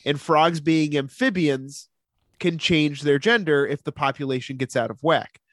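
Young male podcast co-host, slightly high voice, long chatty explanations, dry close sound. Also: unhurried, no room sound. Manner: storytelling, explains at length with asides. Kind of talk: casual chat.

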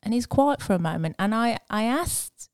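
A woman's voice: a little high, animated, normal speed, smooth, no echo. A woman hosting a Christian podcast, talking casually with many ums and restarts. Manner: chatty, with many fillers and restarts. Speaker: podcast host. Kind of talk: casual faith chat.

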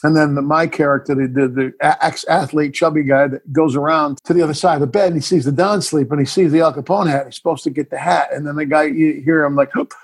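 Middle-aged male filmmaker guest, husky tone, lively storyteller who acts out scenes. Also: a little high, fast, few pauses. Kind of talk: casual interview chat.

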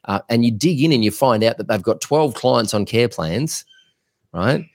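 A man co-hosting a podcast, giving business coaching advice in an energetic, blunt, rambling way. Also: mid-range voice, normal speed.

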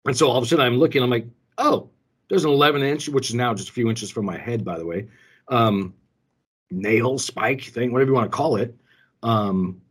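A man's voice: medium pitch, brisk, husky. A man co-hosting a casual show, telling a rambling personal story with lots of ums and restarts. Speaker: co-host. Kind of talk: casual call-in show chat.

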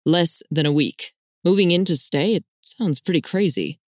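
A woman's voice: lowish voice, normal speed, no echo, clean studio sound, natural voice. A woman voicing a young man who sounds wary, concerned and dismayed.

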